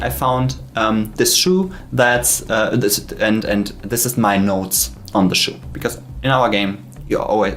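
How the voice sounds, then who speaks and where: Low-voiced man rambling over game footage. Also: a little hiss or hum. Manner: rambling, many fillers and restarts, enthusiastic. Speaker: indie game developer showing his game. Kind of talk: casual gameplay commentary.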